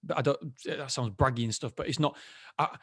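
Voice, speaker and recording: A man's voice: mid-range voice, a little fast, a bit bright, dry recording, clean studio sound. A man hosting a solo podcast, talking casually in a candid, rambling way that keeps stopping and restarting. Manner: rambling, candid, self-interrupting with frequent restarts. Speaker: podcast host.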